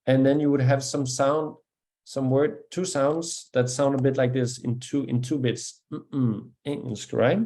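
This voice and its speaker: A man with a Danish accent, a native Danish speaker, teaching pronunciation one-on-one, patient and encouraging as he slowly demonstrates each sound. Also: mid-range voice, fairly even intonation, warm tone. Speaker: language teacher.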